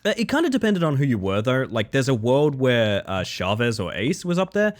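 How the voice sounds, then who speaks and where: A man's voice: mid-range voice, very animated, fairly quick. Australian male streamer, mid-range voice, loose and chatty, trails off and restarts, swears offhand. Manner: rambling, self-interrupting, casual swearing. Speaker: game streamer. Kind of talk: casual live-stream chat.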